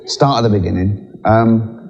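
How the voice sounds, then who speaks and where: A man's voice: lowish voice, normal speed, creaky, a little mellow, dull audio. A man doing stand-up comedy, with wry, chuckling asides. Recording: reverberant live venue with noise.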